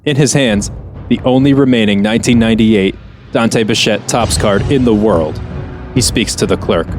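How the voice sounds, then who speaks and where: A man's voice: fairly low pitch, normal speed, soft background music. A man co-hosting a podcast, narrating a comedy script he wrote and defending it with an earnest, laughing manner. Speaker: podcast co-host and script writer. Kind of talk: narrating a script and casual chat.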